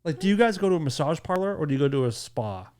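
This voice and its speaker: A man's voice: a little high, sing-song, rapid-fire, darkish tone. A man co-hosting a casual podcast chat, teasing the others with jokey asides and provocative questions. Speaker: podcast co-host.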